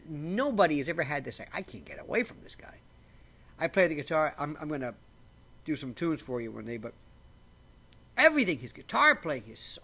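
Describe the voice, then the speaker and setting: A man talking casually to camera from a simple home setup in a rambling, animated way, often restarting his sentences and sipping coffee as he goes. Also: on the high side. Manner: slurps coffee while talking. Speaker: vlogger.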